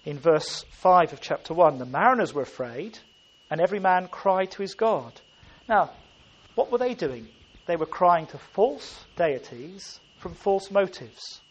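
A man's voice: high-pitched, lively intonation, unhurried, breathy edge. A man preaching a sermon, earnest and emphatic, often restarting his phrases.

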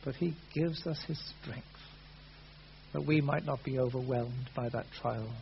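A man preaching a sermon, earnest, rising loud and then falling soft. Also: mid-range voice, fairly even intonation, unhurried, gravelly. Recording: dull lo-fi sound with faint hum.

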